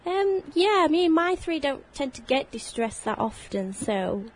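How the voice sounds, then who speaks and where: A woman's voice: high-pitched, sing-song, unhurried. A woman guest on a radio chat, shy, giving brief answers about her pets. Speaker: guest, guinea pig owner. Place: radio studio.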